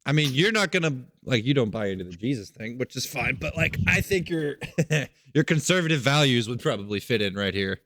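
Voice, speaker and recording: A man's voice: medium pitch, very animated, brisk, fairly bright tone, no echo, clean studio sound. A man with a Southern US accent co-hosting a podcast in easygoing casual chat, laughing and coughing often. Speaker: podcast co-host.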